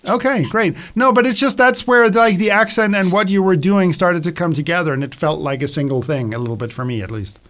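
A man's voice: high voice, brisk, few pauses, a bit bright. A man hosting, giving casual feedback while thinking aloud, often restarting his words. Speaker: host, music producer.

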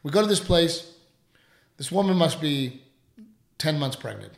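A radio host telling a story in casual chat, rambling and animated, with plenty of fillers. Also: male voice, on the high side, measured pace, gravelly, roomy sound.

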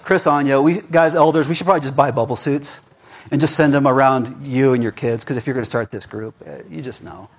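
Husky male pastor, preaches with wide swings from loud to hushed. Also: mid-range voice, a little fast. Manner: animated, swings between shouting and murmuring. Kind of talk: sermon. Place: church.

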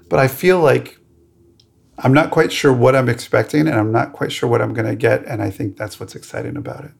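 A man co-hosting a podcast in casual chat, playful and quick to mock himself with little asides. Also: medium pitch, creaky, slightly rough. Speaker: podcast co-host.

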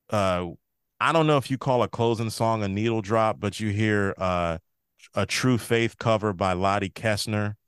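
A man's voice: lowish voice, a bit bright, clean tone, dry recording, clean studio sound. A man co-hosting a podcast, casually recapping a TV episode and acting out characters' lines as he retells the scenes. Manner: loose, rambling delivery. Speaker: podcast co-host.

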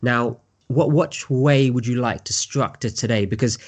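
A man's voice: mid-range voice, measured pace. A man hosting a casual podcast, steering the guest with structured questions. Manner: structured interviewer, framing questions. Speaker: podcast host.

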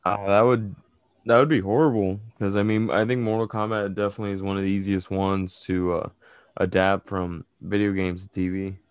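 A man co-hosting a casual movie review podcast, joking and relaxed with plenty of fillers. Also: deep voice, fairly quick, clean tone, dry recording. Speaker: podcast co-host.

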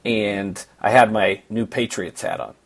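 Husky, low-voiced male podcast host. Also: a little slow. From Massachusetts, US. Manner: joking, animated banter. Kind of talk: casual sports podcast chat.

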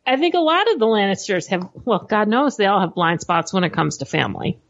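A woman's voice: mid-range voice, lively intonation, brisk, dull audio. A woman co-hosting a casual book discussion, thinking aloud in a thoughtful, reasoning way. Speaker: podcast co-host.

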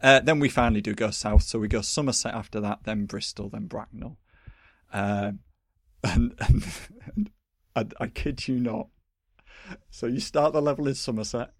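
A man, chatting casually as a podcast host, rambling and animated with lots of fillers. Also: mid-range voice, moderate pace, no echo. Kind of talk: casual chat.

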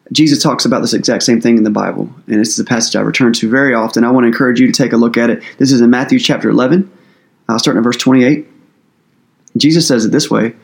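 A man's voice: mid-range voice, a little fast, vocal fry. A man preaching as pastor in a conversational sermon, earnest and casual, with loose phrasing and plenty of fillers.

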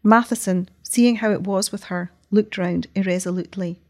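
Woman reading a story aloud, measured. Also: medium pitch, steady tone. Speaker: narrator. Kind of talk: audiobook narration.

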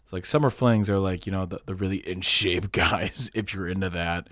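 A man's voice: deep voice, steady tone, normal speed, fairly bright tone, dry recording, studio quality. A man co-hosting a podcast, rambling and joking in casual comedic chat. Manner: rambling, lots of "like" fillers, jokey. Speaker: podcast co-host.

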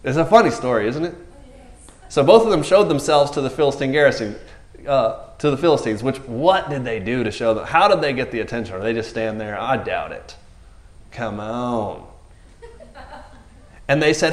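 A man gives a loose, conversational sermon, his pitch swinging widely as he jokes and acts out the characters in the story. The sound rings in an echoey room. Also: moderate pace, long pauses. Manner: animated, jokey, acts out characters with raised voices. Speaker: preacher. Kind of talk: casual sermon.

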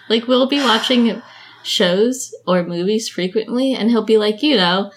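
Her voice is medium in pitch with a measured pace. She's a young woman co-hosting a casual podcast chat, telling stories and laughing a lot.

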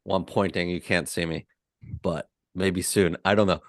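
A man's voice: low-pitched, fairly even intonation, moderate pace, dry recording, studio quality. A man co-hosting a casual sports podcast, talking in a loose, rambling way and restarting his sentences. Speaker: podcast co-host.

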